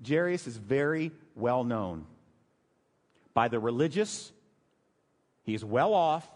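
A male pastor preaches with animated, storytelling energy, swinging between lively emphasis and hushed, emotional moments. His voice sits fairly high and moves a lot. Long reverb from a large hall trails every phrase. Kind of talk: sermon.

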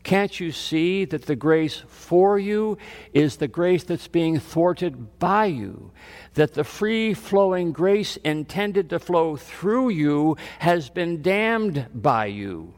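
A man preaching a sermon as pastor, slow and deliberate with long pauses, recorded in a church sanctuary. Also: fairly high pitch, animated, a little mellow, in a large hall.

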